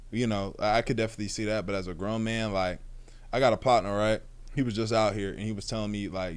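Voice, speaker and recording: A man's voice: lowish voice, fast. Man, young adult, streamer, casual chat, slangy, swearing, rambling. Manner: rambling, slangy, swears freely, restarts often. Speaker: streamer reacting to a video.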